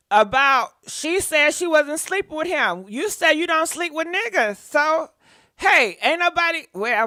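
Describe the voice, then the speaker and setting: High bright-voiced lady spilling celebrity tea, dry close sound. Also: no echo. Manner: sassy, laughing, talks back at celebrities. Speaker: gossip show host. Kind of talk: casual live gossip commentary.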